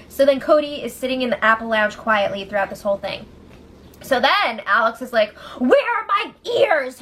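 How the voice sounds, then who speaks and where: A woman recapping a reality show in casual chat, animated, laughing often and acting out what people said. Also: fairly high pitch, moderate pace, slight background noise. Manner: animated, laughing, acts out quotes, swears. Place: room at home.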